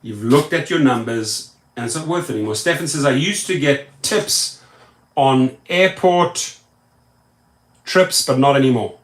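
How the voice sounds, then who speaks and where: A man's voice: mid-range voice, unhurried, roomy sound. Emphatic man hosting a live stream. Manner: emphatic, repetitive chanting of words. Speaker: rideshare YouTube host. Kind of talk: live stream chat, reading viewer comments.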